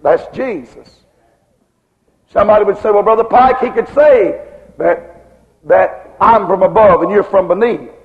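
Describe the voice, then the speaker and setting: A man preaching with a high, gravelly voice, his sermon rolling in rhythmic waves of repeated rhetorical questions. The sound is muffled, and a long reverb from a church hall trails after each phrase. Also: normal speed.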